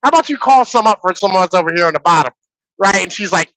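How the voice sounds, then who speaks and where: High, bright-voiced man in profane chat. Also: fairly quick, long pauses, no room sound, poor audio. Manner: animated, profane, repeats "you know what I'm saying".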